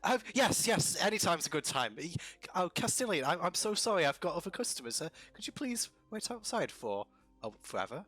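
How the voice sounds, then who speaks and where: A man's voice: high voice, very animated, brisk, a bit bright, voice pushed up, exaggerated voice. A man voicing a harried, polite female shopkeeper who stammers when flustered.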